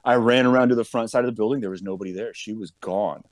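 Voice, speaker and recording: Man telling a story, animated and dry-sounding. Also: fairly low pitch, quick pace, dry recording. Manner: animated, acts out quotes of others. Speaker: podcast guest, police officer. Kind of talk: casual storytelling.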